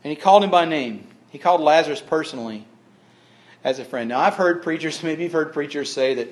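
Folksy preacher man, fairly high voice. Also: a little fast. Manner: folksy, repeats phrases for emphasis; swings between hushed tones and loud declarations. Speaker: pastor. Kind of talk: sermon.

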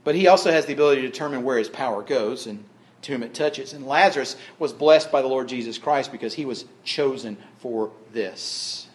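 A man preaching a sermon as pastor, folksy and repeating phrases for emphasis, swinging between hushed tones and loud declarations. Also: medium pitch, a little fast.

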